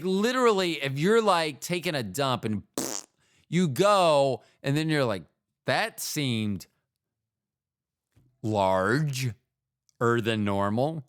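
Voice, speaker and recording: A man's voice: a little high, fairly bright tone, clean tone, no room sound, studio quality. A man hosting a podcast alone, talking casually in a rambling, digressive way and swearing freely. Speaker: podcast host. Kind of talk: casual solo monologue.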